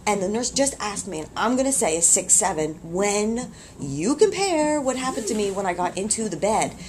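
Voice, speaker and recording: A woman in labor in a hospital room tells her story in casual, animated, exclamatory speech with frequent laughs, recorded on a handheld camcorder's built-in mic. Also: medium pitch, moderate pace, a little hiss or hum. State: having contractions.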